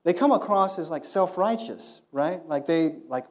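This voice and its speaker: A man's voice: fairly high pitch, lively intonation, moderate pace. A man preaching a sermon in a conversational way, telling stories and acting out the voices of people he quotes. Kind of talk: sermon with storytelling.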